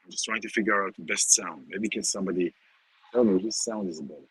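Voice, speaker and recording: Man, low gravelly voice with a bright, forceful edge, casual talk host recorded on the go. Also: no echo, rough recording. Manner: halting, repeats words, many fillers. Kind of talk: casual Torah talk to viewers. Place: in a casino in Vegas.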